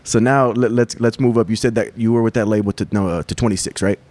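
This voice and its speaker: A man hosting a casual interview, relaxed and encouraging, with quick short replies to his guest. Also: fairly low pitch. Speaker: podcast host.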